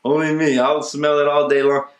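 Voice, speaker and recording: A man's voice: a little high, little pitch movement, moderate pace, echoey room. A man teaching a casual webinar, talking emphatically and acting out bits of his calls with sellers. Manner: conversational, emphatic, acts out seller dialogue. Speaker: real estate investing instructor.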